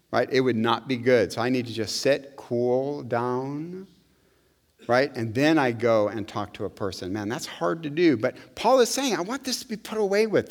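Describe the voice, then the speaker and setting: A middle-aged male pastor preaching a conversational, animated sermon, often checking in with "right?". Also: on the high side. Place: church sanctuary. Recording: long hall reverb.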